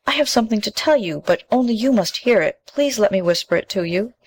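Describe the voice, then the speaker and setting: A woman voicing a timid, gentle female tree spirit with a soft, pleading manner. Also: medium pitch, lively intonation, brisk, pitched above the performer's own voice, close to an everyday voice.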